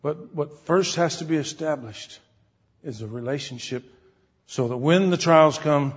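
A man's voice: on the high side, unhurried, slightly rough. A man preaching an earnest, folksy sermon, acting out the people he quotes. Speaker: pastor. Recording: dull recording in a hall with long reverb.

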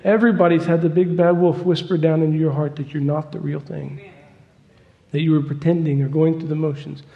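A man's voice: fairly high pitch, fairly quick, gravelly, lo-fi sound. A man preaching a sermon, telling a story with growing fervor. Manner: storytelling, fervent, rising to loud excitement. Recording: long hall reverb.

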